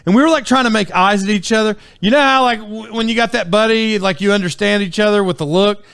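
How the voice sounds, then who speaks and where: A man's voice: sits high, fast, vocal fry, fairly bright tone, smooth, no echo. Man, forties, podcast host, casual rambling storytelling, dry close sound, many fillers. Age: 40s. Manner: rambling, with frequent fillers and restarts.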